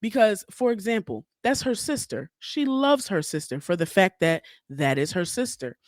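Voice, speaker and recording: A woman's voice: mid-range voice, sing-song, normal speed, no echo, studio quality. A woman hosting a podcast alone, giving blunt, heated and profane commentary with many asides. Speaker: podcast host. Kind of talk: solo opinion commentary.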